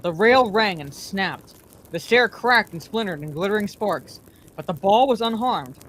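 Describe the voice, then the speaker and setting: A woman narrating a fantasy novel aloud as a bedtime story, in a calm, even manner. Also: medium pitch, a little slow, a little hiss or hum.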